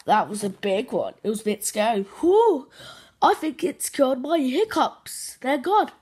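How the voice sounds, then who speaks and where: A woman hosting a children's craft show, playful and animated, with gasps and giggles. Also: sits high, a little slow, slight background noise. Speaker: host of a kids' craft show.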